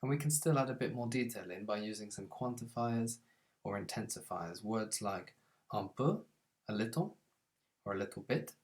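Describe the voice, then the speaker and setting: Man teaching French phrases slowly. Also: lowish voice. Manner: slows down and stresses French phrases, then explains them plainly. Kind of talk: scripted language lesson.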